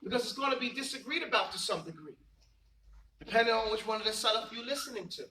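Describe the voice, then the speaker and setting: A man's voice: high-pitched, quick pace, pushed and bright, roomy sound, far from the mic, slight background noise, poor audio. Emphatic man teaching a class. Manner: quizzing students, emphatic and repetitive. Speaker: religious teacher. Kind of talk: classroom lesson with call and response.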